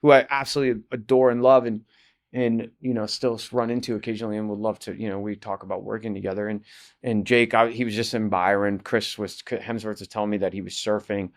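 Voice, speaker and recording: A man in his forties, a guest actor telling long stories in a casual interview, rambling with many restarts and jumping into animated quotes. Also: fairly low pitch, fast.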